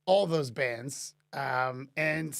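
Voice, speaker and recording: A man's voice: medium pitch, very slow, gravelly. A man casually answering chat questions on a live stream, rambling with many restarts and fillers. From Canada.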